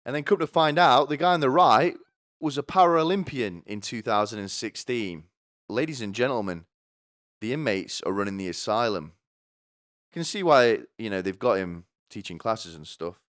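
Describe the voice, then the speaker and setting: A man's voice: on the low side, lively intonation, normal speed, fairly bright tone, no room sound, studio quality. A young man giving sarcastic, rambling comedy commentary, swearing often.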